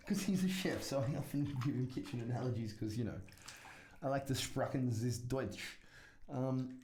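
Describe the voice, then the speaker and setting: A man's voice: mid-range voice, lively intonation, moderate pace, pauses often, a little mellow. Aussie guy ranting loosely at his cam, swears a lot, laughs at himself, roomy echo, bit of hiss behind. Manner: swears constantly, rambling and self-mocking, laughs at own jokes. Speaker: vlogger. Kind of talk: casual rambling monologue to camera. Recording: echoey room with faint noise.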